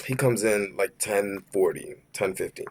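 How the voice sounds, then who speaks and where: A man's voice: on the low side, a little slow. A young man telling a work story in a rambling, slangy storytime rant, cursing and saying "bro" constantly. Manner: rambling, with many fillers and restarts.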